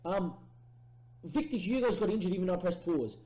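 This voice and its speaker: Brief: male gaming streamer, fairly high mellow voice, muses over tactics, recorded in a roomy space. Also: fairly quick. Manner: thinks aloud, erupts into excited goal calls. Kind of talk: casual gameplay commentary.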